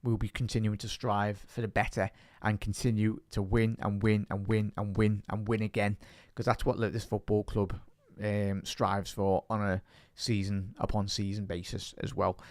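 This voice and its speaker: A man's voice: fairly low pitch, level tone, normal speed, hardly any pauses, a little mellow, dry recording, studio quality. A young man from Liverpool with a Scouse accent, talking passionately and a bit rambling in a casual reaction video as a fan channel presenter. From Liverpool, England.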